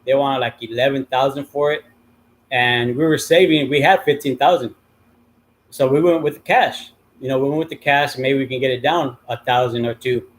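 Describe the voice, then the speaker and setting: With a medium-pitched voice, a steady tone and a moderate pace, this livestream host, a middle-aged man, spins out a long story. He rambles casually, swears freely and leans on many ums and uhs, over slight background noise.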